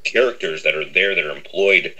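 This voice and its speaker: A man's voice: deep voice, brisk, sharp tone, low-quality recording. A middle-aged man from the United States, a guest in a casual interview, rambling with many fillers and a habit of repeating the same stock phrase.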